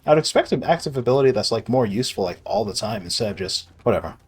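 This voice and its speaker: A young man casually rambling and swearing as he plays a video game, sarcastic and quick to laugh at himself. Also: mid-range voice, expressive, breathy edge. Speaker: gaming video creator. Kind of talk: casual rambling commentary while playing.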